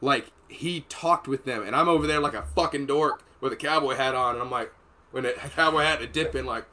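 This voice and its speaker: Brisk and pushed, with a bright mid-range voice, this man hosts a podcast of casual storytelling chat. He rambles through long, profane tales and laughs in between, over a slight hiss or hum.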